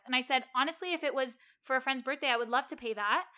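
Young woman, bright and slightly high voice, animated storyteller in casual chat. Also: fast, few pauses, smooth. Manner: animated, quotes people in her story. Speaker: server telling a story.

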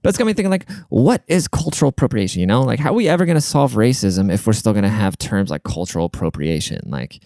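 A young man's low voice, close and dry, rambles through a sarcastic, profane rant. His pitch swings widely as he talks, and the tone stays smooth and clear. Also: big pitch swings, quick pace, few pauses, warm tone, no room sound. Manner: looks things up mid-talk. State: short of breath at times. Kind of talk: casual rant.

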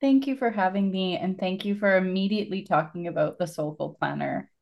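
A woman's voice: mid-range voice, brisk, creaky, muffled recording. A woman who is a business coach, a guest on a podcast, speaking earnestly and laughing easily. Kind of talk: casual podcast interview.

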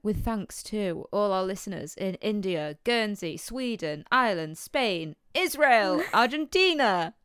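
A jokey, excitable woman co-hosts a casual podcast, chatting in a lively back-and-forth. Her voice sits at a middle pitch and is recorded dry, with no room sound around it. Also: measured pace, few pauses, smooth, no echo. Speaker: podcast co-host. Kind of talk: casual chat.

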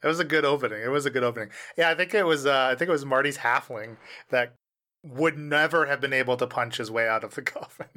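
A man's voice: mid-range voice, fast, sharp tone. A man who played in the game, making brief, hesitant remarks in a casual chat.

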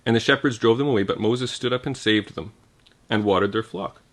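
A man's voice: fairly low pitch, fairly quick. A man giving an informal Bible teaching, thinking aloud with restarts and asking his listeners "right?".

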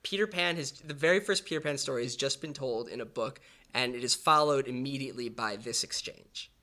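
Male podcast co-host, bright tone, earnest reader, a little hesitant. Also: medium pitch, brisk. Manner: earnest storyteller, hesitant with fillers. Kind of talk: casual chat and reading aloud.

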